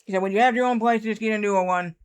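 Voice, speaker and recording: A man's voice: high voice, steady tone, rapid-fire, clean tone. A man livestreaming a game, chatting casually and rambling through a story with many restarts. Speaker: streamer. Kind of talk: casual livestream chat while gaming.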